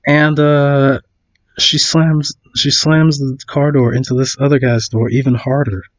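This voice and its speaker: A man's voice: mid-range voice, level tone, unhurried, dull audio. A man casually telling a story, full of fillers and restarts, acting out other people's lines.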